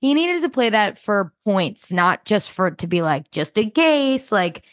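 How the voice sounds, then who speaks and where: A woman co-hosting a podcast, chatting casually at a middle pitch. Her voice sounds dry and close to the mic. She swears freely and keeps slipping into mock voices to quote people. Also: very animated, measured pace, dry recording. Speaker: podcast co-host. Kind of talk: casual chat.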